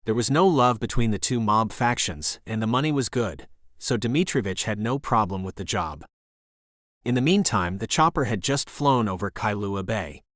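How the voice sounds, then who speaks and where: A man narrating a thriller audiobook in a steady, even scripted delivery. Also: fairly low pitch, normal speed, no echo, studio quality.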